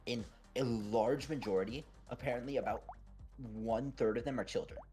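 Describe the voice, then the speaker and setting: A man's voice: medium pitch, moderate pace, warm tone, faint music behind. A teenage boy streaming a game, chatting casually and animatedly, swearing and breaking into laughs. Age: teens. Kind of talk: casual chat while gaming.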